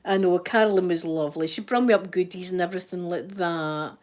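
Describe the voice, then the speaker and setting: This woman from Glasgow, Scotland chats and rambles on her channel's casual livestream, sprinkling in Scots words. She speaks briskly in a fairly low, slightly mellow voice.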